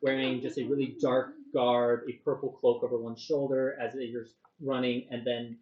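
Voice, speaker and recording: Woman game master, deep dark voice, casual filler-heavy narration, muffled recording. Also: flat delivery, moderate pace, slight background noise. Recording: dull, echoey room recording.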